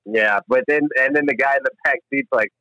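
A man's voice: mid-range voice, fairly quick, no echo, highs cut off. A laid-back man co-hosting a podcast, chatting crudely about a movie. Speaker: podcast co-host. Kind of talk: casual movie-review chat.

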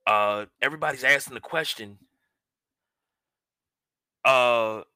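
A man in his forties, a sports radio host telling a personal story in an animated, colloquial way with drawn-out emphasis. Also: medium pitch, smooth, no echo. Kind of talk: storytelling monologue.

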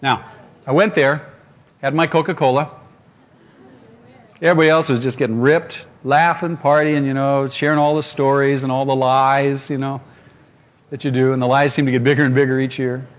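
A man's voice: medium pitch, little pitch movement, normal speed. A man preaching to a congregation, telling a personal story with humor and speaking straight to his listeners. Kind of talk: storytelling sermon.

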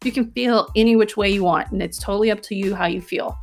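A woman's voice: mid-range voice, fast talker, faint music behind. A woman hosting a self-help podcast, talking earnestly and coaching her listeners, often checking in with "okay?" and "right?". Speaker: podcast host.

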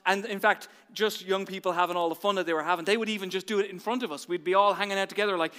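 An Irish pastor delivers an animated sermon, his voice high and bright. He drops to a hush and then rises loud again. The sound carries a long reverb from the large church hall. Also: fast, hardly any pauses, clear, resonant tone. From Ireland. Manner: animated storytelling, swinging from hushed to loud.

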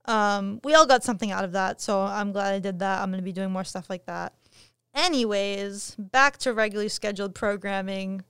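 A woman's voice: medium pitch, moderate pace, fairly bright tone, clear, resonant tone, no echo, clean studio sound. A young adult woman hosting her own podcast in frank, profane, jokey casual chat. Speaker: podcast host.

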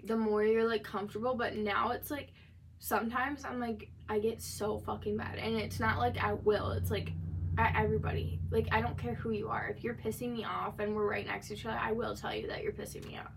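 A young woman co-hosting a podcast in casual chat, talkative and quick to laugh, with lots of fillers. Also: a little high, flat delivery, vocal fry, background noise. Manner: chatty, laughs easily, many "like" fillers. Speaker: podcast co-host. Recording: voice a bit distant from the mic.

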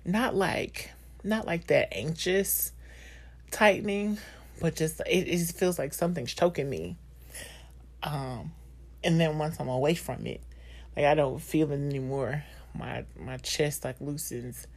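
Her voice is deep, a little mellow, and a touch slow. She's a podcast host in her thirties delivering a frank, emotional personal monologue filled with fillers and laughter.

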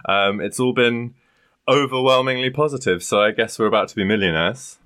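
A man's voice: medium pitch, a little fast, a bit bright. A young man co-hosting a podcast, chatting casually with crude jokes and frequent laughs. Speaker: podcast co-host. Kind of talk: casual chat.

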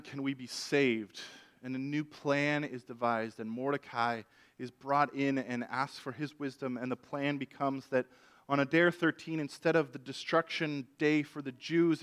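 A man preaching a sermon, retelling an old story in a lively, conversational way. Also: medium pitch, clear, resonant tone.

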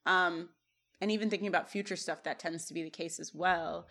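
A woman's voice: fairly low pitch, a little fast. A woman co-hosting a podcast, casually recapping a TV episode scene by scene and laughing often. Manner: animated scene retelling with laughs. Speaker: podcast co-host.

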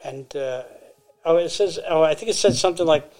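A man's voice: on the high side, a little fast, a little mellow, faint music behind. A man co-hosting a podcast, casually retelling a story with fillers and restarts. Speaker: podcast co-host.

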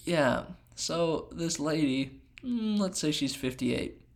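A man chatting casually on a podcast as he tells a long story. He is animated and often acts out what others said in their own voices. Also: on the high side, takes it slowly. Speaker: podcast co-host.

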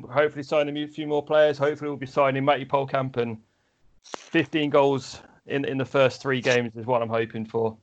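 Podcast host guy, middle voice, kinda dull lo-fi audio. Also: mid-range voice. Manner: steers the talk, wraps up the episode. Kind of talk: casual podcast hosting.

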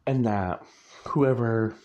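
Taking his time, a male author with a mid-range, darkish voice chats about his writing in a meandering way. He corrects himself often and keeps chuckling. The sound is muffled and lo-fi.

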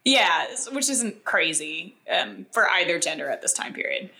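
A young woman co-hosting a casual podcast, chatting about a TV episode. Her tone is bright and forceful, and she talks in an animated way with plenty of fillers. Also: lowish voice, moderate pace, vocal fry. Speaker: podcast co-host. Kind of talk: casual chat recapping a TV episode.

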